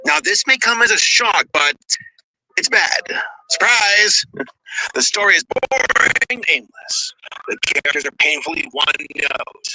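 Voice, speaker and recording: A man's voice: fairly high pitch, big pitch swings, moderate pace, bright, forceful tone, a little hiss or hum, low-quality recording. A man narrating a comedic movie review in a sarcastic, exasperated way. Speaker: video reviewer.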